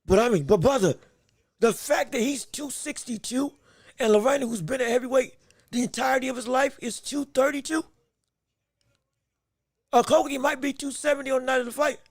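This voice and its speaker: A man's voice: very high voice, brisk, pauses often, no echo, studio quality. A man hosting a livestream boxing commentary podcast, chatty and exclamatory, often correcting himself mid-sentence. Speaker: podcast host.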